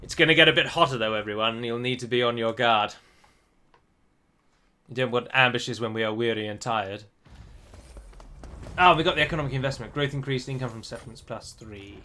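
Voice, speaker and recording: A man's voice: mid-range voice, a little fast, pauses often, pushed and bright, slight background noise. A man commentating on his own strategy game play, chatty and self-deprecating, thinking his moves out aloud. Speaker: game streamer.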